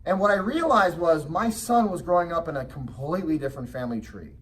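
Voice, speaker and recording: A middle-aged man presenting a seminar, storytelling and checking in with the room with questions. His voice sits a bit high for a man and comes through from a distance, with a faint hiss of background noise. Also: expressive, fast talker. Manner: storytelling, asks the audience questions; acts out child's voice in high pitch. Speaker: real estate educator. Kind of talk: motivational seminar talk.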